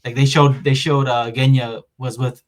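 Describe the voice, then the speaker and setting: A man's voice: medium pitch, little pitch movement, normal speed. A man hosting a podcast, recapping an anime season in a rambling, casual way with lots of fillers. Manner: rambling, filler-heavy recap with acted-out quotes. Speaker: podcast host.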